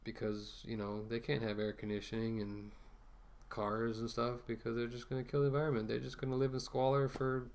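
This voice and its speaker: A man's voice: medium pitch, level tone, brisk, a little mellow. A man ranting casually to camera as a vlogger, rambling with many fillers and restarts, talking through a mask.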